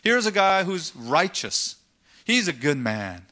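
A man's voice: a little high, very animated, slow pace, bright, forceful tone. A man preaching a sermon, asking rhetorical questions and retelling scripture stories dramatically. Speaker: pastor.

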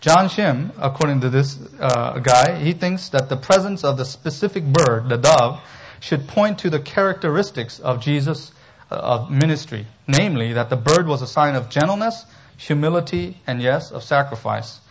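A man's voice: on the high side, moderate pace. Emphatic preaching man, slightly muffled. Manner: animated, emphatic preaching with humor asides. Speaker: pastor. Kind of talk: expository sermon.

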